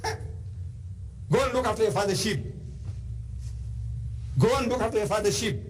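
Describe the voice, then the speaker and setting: A man's voice: high-pitched, moderate pace, slight background noise, pitched above the performer's own voice, close to an everyday voice. A man voicing a dismissive veteran army commander who brushes off a boy's offer, in a lecture retelling.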